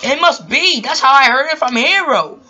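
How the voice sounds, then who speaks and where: A woman voicing a male engine who is quick to alarm and talks in a raised, excited voice. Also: high-pitched, dull audio, background noise, pitched above the performer's own voice.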